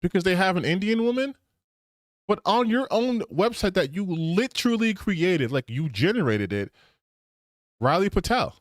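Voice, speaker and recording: A man doing casual reaction commentary on a stream, sarcastic and openly incredulous. His voice sits fairly high and swings widely in pitch, and the sound is dry and close. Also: very animated, normal speed, no echo. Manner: sarcastic, incredulous, repeats himself for emphasis.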